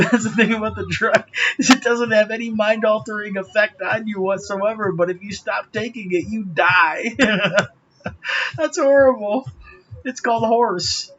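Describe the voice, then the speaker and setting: A man's voice: high-pitched, steady tone, unhurried, fairly bright tone, highs cut off. A man talking straight to his viewers in a rambling, profane monologue, laughing often. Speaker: vlogger.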